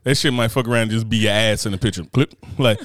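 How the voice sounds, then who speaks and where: A man chatting as a podcast co-host, telling comic stories in a profane, animated rant with mocking voices. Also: on the low side, fast, no room sound. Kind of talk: casual chat, comic storytelling.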